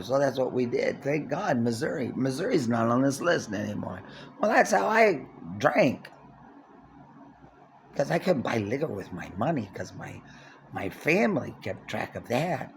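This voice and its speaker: A man in his sixties talking to camera in a long rambling monologue, swinging from low mutters to loud outbursts, indoors in his apartment building. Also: vocal fry, slight background noise. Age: 60s. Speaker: vlogger.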